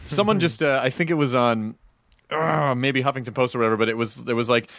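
A male podcast host in casual chat, thoughtful and halting, riffing jokes. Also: mid-range voice, a bit bright, dry recording, studio quality.

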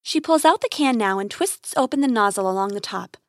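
A woman with a fairly high voice reads a children's space adventure aloud. Her delivery is lively and expressive. The sound is dry and close to the mic. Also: brisk, dry recording. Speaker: storyteller. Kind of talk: narrating a children's adventure story.

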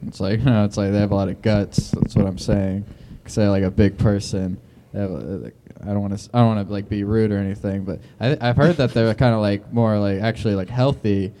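A man's voice: fairly low pitch, steady tone, fairly quick, warm tone, a little hiss or hum. Stammering man over-explaining his jokes. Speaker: comedian guest. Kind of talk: deliberately awkward stand-up bit.

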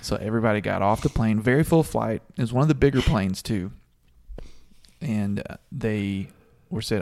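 A man's voice: on the low side, normal speed, gravelly, a little mellow. A man co-hosting a podcast, chatting casually and telling a story with frequent laughs. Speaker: podcast co-host. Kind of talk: casual sports chat.

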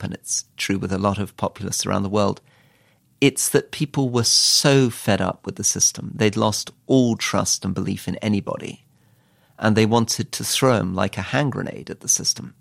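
A man's voice: on the low side, animated, moderate pace, creaky, no echo. A British man, a former politician turned author, giving dry, wry interview answers. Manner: dry, wry storytelling with quoted asides.

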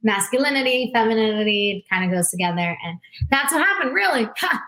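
A woman singer, a guest in a casual interview, telling stories with animated energy, lots of "like" and quick laughs. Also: a little high. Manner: animated storyteller, frequent "like", laughs a lot; acts out quoted voices.

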